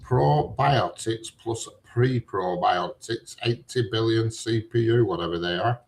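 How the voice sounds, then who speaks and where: A man's voice: fairly low pitch, unhurried, creaky, a little mellow. A middle-aged man, chatting casually and rambling from one point to the next with plenty of fillers. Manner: rambling, digressive, lots of fillers. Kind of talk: casual chat.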